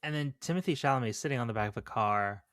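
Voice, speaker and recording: A man's voice: mid-range voice, expressive, racing, a bit bright, dry recording, studio quality. A man co-hosting a podcast, joking and eagerly recapping his favorite movie scenes. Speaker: podcast co-host. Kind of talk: casual film-review chat.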